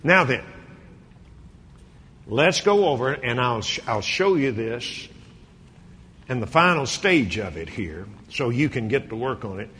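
A man preaching a sermon to a congregation. He acts out dialogues, stretches key words and builds toward shouting. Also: medium pitch, very animated, unhurried, long pauses, husky. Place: church before a responding congregation.

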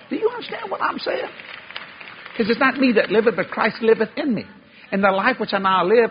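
A man preaching a sermon, telling a story in a folksy way with y'all and ain't, swinging from loud exclaiming to low hushed tones. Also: vocal fry, highs cut off, slight background noise. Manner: folksy Southern-style speech with y'all and ain't.

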